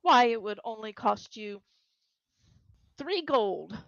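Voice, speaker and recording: A woman's voice: fairly high pitch, expressive, slow pace, gravelly, a bit bright, no echo, lo-fi sound, exaggerated voice. A woman voicing a friendly male town tour guide who rambles and hesitates while offering a tour. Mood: eager.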